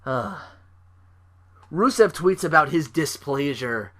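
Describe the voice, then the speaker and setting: A man's voice: medium pitch, normal speed, sharp tone. A man hosting a solo podcast, rambling with lots of "like" fillers and restarts. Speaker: podcast host.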